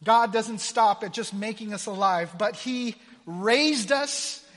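A man preaching with a high, light voice that rings through a reverberant hall. He drops to hushed intensity, then rises into loud, urgent exclamations. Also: slow pace. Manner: impassioned preaching, swinging between quiet intensity and loud exclamation. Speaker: pastor. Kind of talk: sermon.

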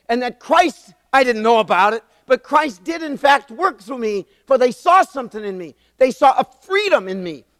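Older male pastor in his sixties, animated storyteller with a wide-ranging pitch, close dry mic. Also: no echo, in a large hall. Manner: animated storytelling, emphatic repetition. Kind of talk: sermon.

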